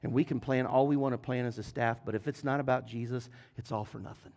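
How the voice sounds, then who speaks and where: A man's voice: medium pitch, steady tone, quick pace, a little mellow. Man, pastor, sermon, earnest, direct appeals, church sanctuary. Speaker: lead pastor.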